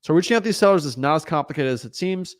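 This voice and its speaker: A young man from England coaching on wholesaling in a casual, energetic way, acting out calls with sellers. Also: a little high, very fast.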